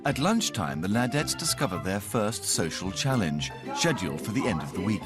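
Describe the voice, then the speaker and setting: A man narrating a documentary in a wry, measured scripted style. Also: on the low side, sing-song. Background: music.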